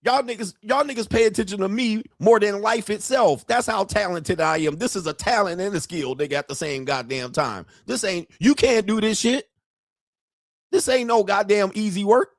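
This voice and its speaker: Middle-aged guy going off on a profane boastful rant, pretty high voice, dry close sound. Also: expressive, normal speed, dry recording. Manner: brash, profane and boastful, laughs at his own jokes. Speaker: online show host. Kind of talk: ranting commentary.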